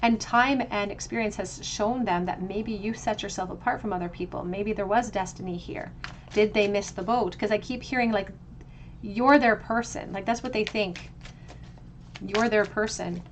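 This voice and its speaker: A woman's voice: mid-range voice, normal speed, a little hiss or hum. A woman giving a pick-a-card tarot reading, talking in a flowing, reflective way and often restarting her phrases. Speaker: tarot reader.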